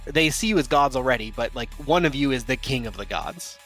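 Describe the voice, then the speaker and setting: A man acting as game master, explaining the rules in a relaxed, rambling way. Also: medium pitch, brisk, soft background music. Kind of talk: narrating a tabletop game.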